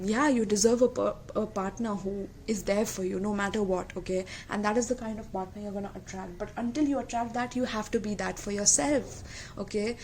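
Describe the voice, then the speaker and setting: A woman's voice: mid-range voice, slight background noise. A woman giving a tarot reading, earnest and affectionate, often checking in with her listeners. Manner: warm, repeatedly checks in with "okay?" and "my loves"; gentle, emotional and earnest. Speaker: tarot reader.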